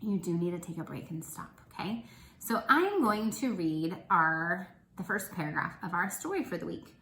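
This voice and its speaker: A woman's voice: lowish voice, animated, moderate pace, sharp tone, reverberant, poor audio. A woman teacher giving a lesson to young children, encouraging and checking in often. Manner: encouraging, checks in with frequent "okay?".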